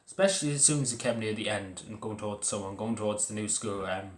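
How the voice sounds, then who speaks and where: A young Irish man talking casually about his own school days, halting and full of fillers and restarts. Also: fairly low pitch. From Ireland. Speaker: vlogger. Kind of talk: casual personal talk to camera. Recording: echoey room.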